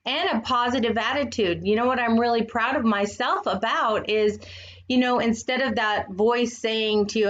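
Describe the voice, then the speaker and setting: A woman's voice: fairly high pitch, moderate pace, fairly bright tone. Earnest older woman co-host, lo-fi sound. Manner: earnest, emotional. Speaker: podcast co-host. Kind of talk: casual heartfelt chat.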